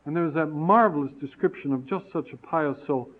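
A man preaches in an earnest, storytelling way, his fairly high voice climbing to emphatic peaks. The sound is thin and phone-like, as if heard over a narrow radio broadcast. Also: a little fast, slight background noise. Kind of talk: sermon-style teaching talk.

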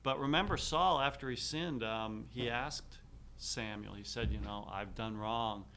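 A man teaching a class, reading slowly and deliberately with frequent fillers. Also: mid-range voice, noisy background. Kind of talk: classroom lecture.

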